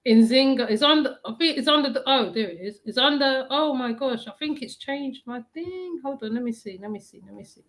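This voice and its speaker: A woman with a high, bright voice chats casually as host. She is animated, laughs a lot and goes back over her own words, flitting between topics. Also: fairly quick, hardly any pauses, slight background noise. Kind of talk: casual chat.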